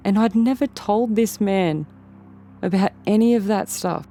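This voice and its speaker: Soft background music plays as an Australian woman tells an interviewer a rambling story, often repeating and rephrasing herself. Her mid-range voice is dark in tone and unhurried.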